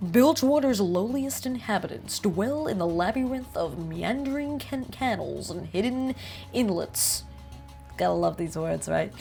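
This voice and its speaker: A woman's voice: mid-range voice, vocal fry, dark tone. A woman with a New Jersey accent, casually riffing and joking as she reads about game art. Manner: chatty, jokey, reads aloud and riffs. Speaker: host.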